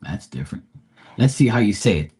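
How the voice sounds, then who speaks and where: A man's voice: on the low side, sing-song, a little fast, a little mellow, breathy edge. A man giving a casual live tarot reading, reading card text aloud and chatting loosely with plenty of fillers. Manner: casual, rambling with many fillers. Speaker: tarot reader.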